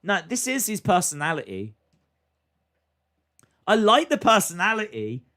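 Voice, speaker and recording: A man's voice: high voice, very animated, a little slow, pushed and bright. A man hosting a live stream, chatting casually as he reacts to a wrestling show and reads viewer comments aloud.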